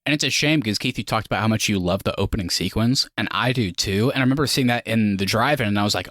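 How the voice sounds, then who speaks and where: A man's voice: fairly low pitch, fast, few pauses, fairly bright tone, dry recording, studio quality. A man co-hosting a casual film review chat, rambling and leaning on "like" as he acts out scenes. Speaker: podcast co-host.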